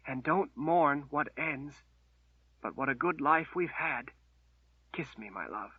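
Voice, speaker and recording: A man voicing a dying young male wizard, speaking in a faint, breathy whisper over a tinny phone-like line. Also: a little high, lively intonation, slow, dry recording, pitched above the performer's own voice, full character voice. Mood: faint tender.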